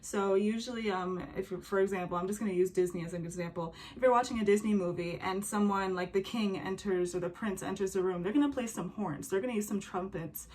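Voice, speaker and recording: A woman's voice: mid-range voice, fast talker, few pauses, darkish tone. Chatty young woman breaking down a song. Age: young adult. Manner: chatty, many fillers, hums and sings examples. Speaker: music commentator reacting to a song. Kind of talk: casual music analysis.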